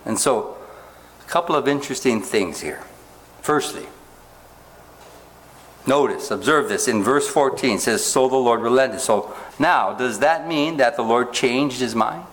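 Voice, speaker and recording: A man preaches in a mid-range voice, teaching from scripture. He reads verses slowly and keeps turning to his listeners with rhetorical questions. Faint background noise sits under his voice. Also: medium pitch, a bit bright. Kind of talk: sermon, Bible teaching.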